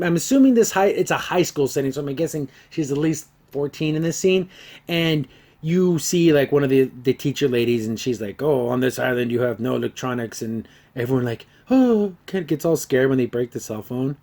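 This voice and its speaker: Sarcastic man ranting about a show. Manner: sarcastic, exasperated, mocking; lively swings in pitch and loudness. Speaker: podcast host reviewing a show. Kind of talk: casual episode review.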